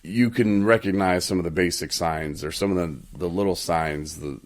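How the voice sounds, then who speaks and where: Low-voiced man telling stories on a podcast. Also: normal speed. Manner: animated storyteller, acts out quoted voices; laughs between lines. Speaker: podcast host. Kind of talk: casual podcast chat.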